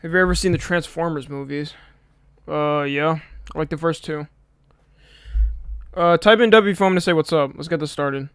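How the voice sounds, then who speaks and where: A man's voice: a little high, normal speed, a bit bright, smooth, no echo. A young man streaming live, chatting casually and a little tired, swearing freely as he greets viewers by name.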